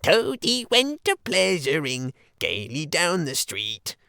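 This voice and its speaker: A man voicing a pompous male Chief Weasel who speaks in a high, squeaky voice. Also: wildly swooping pitch, unhurried, vocal fry, sharp tone, no echo, clean studio sound, exaggerated voice. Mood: mocking.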